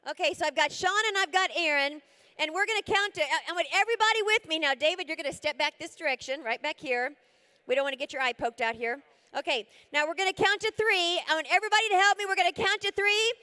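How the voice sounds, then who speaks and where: A woman runs a live charity auction in a very high voice. Her tone is bright and forceful. She coaxes the room playfully and chants bid amounts rapidly over and over. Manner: energetic, rapid bid-calling with repeated figures; coaxing and playful with the crowd.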